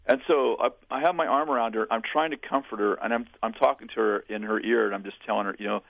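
Gravelly man telling stories down a phone line. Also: medium pitch, fairly even intonation, fast, no echo. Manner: earnest, plainspoken storyteller with restarts. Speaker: pastor and guest. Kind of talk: storytelling in a radio interview.

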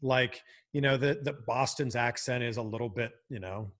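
A man from Canada who hosts and chats casually, animated and quick to laugh, with lots of fillers. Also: medium pitch. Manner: animated, laughs often, chatty with many fillers. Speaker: broadcaster and host. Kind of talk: casual podcast chat.

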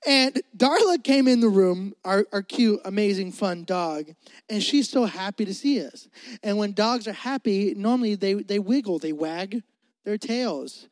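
A man's voice: high-pitched, expressive, measured pace, no echo. A young adult man preaching a casual sermon, chatty and full of fillers, often turning to the crowd with asides. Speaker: pastor.

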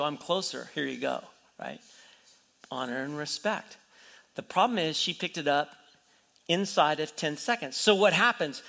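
A male pastor in full sermon mode, retelling a story and acting out the people in it, with constant rhetorical questions. His voice sits high and rings bright and clear. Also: in a large hall.

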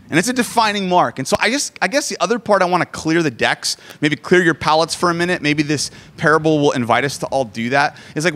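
Animated, joking male preacher. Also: mid-range voice. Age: 40s. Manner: animated, joking, self-deprecating. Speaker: pastor. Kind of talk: sermon.

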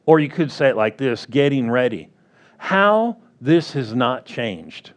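Slow-preaching man pastor. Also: medium pitch, big pitch swings. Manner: slow, drawn-out delivery with playful acted-out quotes. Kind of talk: sermon.

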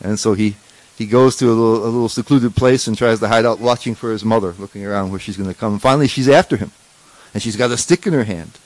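A man teaches a conversational scripture class as a spiritual teacher, often restarting sentences and checking in with rhetorical questions. His voice is fairly low, fast and darkish, recorded at low quality with no room sound.

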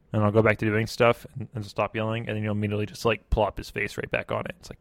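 A man's voice: on the low side, completely flat delivery, quick pace, gravelly, no echo. A man in casual conversation, telling rambling stories in a laid-back way. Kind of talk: casual chat.

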